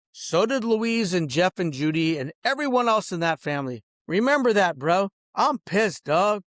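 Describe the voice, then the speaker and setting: A man's voice: a little high, fairly bright tone, no room sound, clean studio sound. A middle-aged man in an angry, rambling vlog rant, swearing and ending sentences with "bro" and "dog". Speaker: vlogger.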